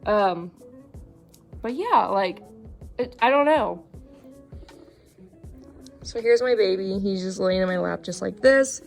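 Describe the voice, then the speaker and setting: A woman's voice: mid-range voice, lively intonation, gravelly. Tearful young woman rambling, faint music. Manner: rambling, halting, many fillers. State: fighting back tears. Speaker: vlogger. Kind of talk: casual vlog.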